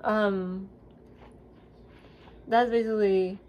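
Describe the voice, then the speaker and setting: A woman's voice: mid-range voice, fairly even intonation, drawn-out words, darkish tone, dull audio. A young woman at home talking casually in a vlog, rambling with many fillers as she runs through a TV series. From grew up in the US South after moving from Seattle at five. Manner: chatty, rambling, many ums and likes. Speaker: vlogger reviewing a TV series. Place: at home with her dog nearby.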